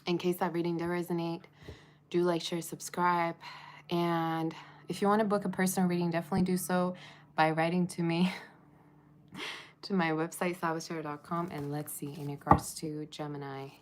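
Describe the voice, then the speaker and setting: Low-voiced chatty woman tarot reader. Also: flat delivery, normal speed. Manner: chatty, laughs often, talks to viewers and her cat. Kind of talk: casual tarot reading to camera.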